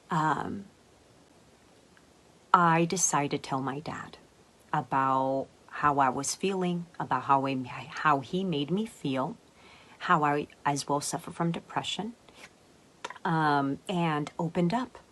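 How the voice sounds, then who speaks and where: A woman's voice: deep voice, husky. A young adult woman, an emotional coach, telling a personal story in a confiding, emotional way that often drops to a whisper.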